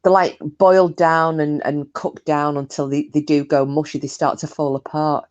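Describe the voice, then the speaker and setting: A woman's voice: low voice, level tone, moderate pace, a little mellow, muffled recording. Chatty British streamer woman, swearing freely. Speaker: live streamer chatting with viewers. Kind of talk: casual chat with live chat.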